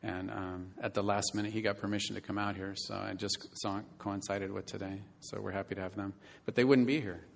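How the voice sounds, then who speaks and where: A man in his fifties preaching a sermon, telling a personal story earnestly and moving between loud emphatic lines and quiet ones. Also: lowish voice, fairly even intonation, fairly quick, creaky, hardly any pauses, slight background noise. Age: 50s. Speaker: pastor.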